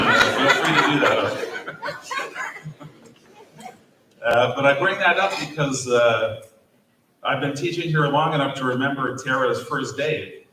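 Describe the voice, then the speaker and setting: Brief: man in his fifties, teacher, halting memorial speech, very echoey room, off-mic. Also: mid-range voice. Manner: halting, many fillers, gently humorous. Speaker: teacher giving memorial remarks. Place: large echoey school room at a podium. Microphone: distant podium mic. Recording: echoey room, distant mic, faint noise.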